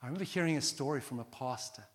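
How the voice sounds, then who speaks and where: A middle-aged man preaching a sermon as pastor, animated and acting out quoted prayers. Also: medium pitch, very fast. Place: large church hall. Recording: long hall reverb.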